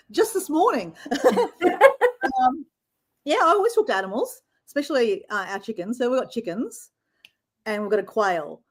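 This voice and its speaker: A chatty Australian woman hosting a casual live chat, her voice sitting a little high. Her pitch swings widely and animatedly. She packs her talk with fillers while she paints. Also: sing-song, measured pace, pauses often. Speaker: live stream host.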